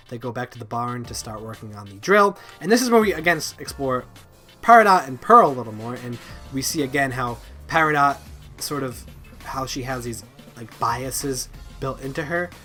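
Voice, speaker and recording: Guy rambling thru a show review, stumbles and repeats himself, loose and offhand, average pitch. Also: sharp tone, soft background music. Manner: halting, repeats words, many ums and likes; loose and informal, swears offhand. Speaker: video reviewer. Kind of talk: casual rambling episode review.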